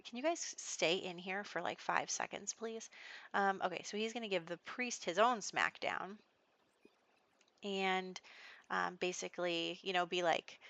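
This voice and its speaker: Chatty, bright-voiced woman narrating gameplay. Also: lowish voice, unhurried, gravelly, no room sound. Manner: chatty, giggly, lots of fillers like "you know". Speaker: Sims let's play host. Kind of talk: casual storytelling gameplay narration.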